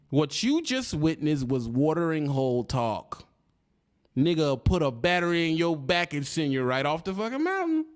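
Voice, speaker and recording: Male channel host, preachy street-talk delivery, animated pitch, higher-pitched. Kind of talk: casual podcast chat.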